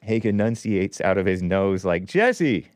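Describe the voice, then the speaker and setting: A man's voice: medium pitch, moderate pace, no room sound, studio quality. A man hosting his own show, reading a news story aloud and breaking in with sarcastic asides. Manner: sarcastic asides, animated ups and downs. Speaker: host.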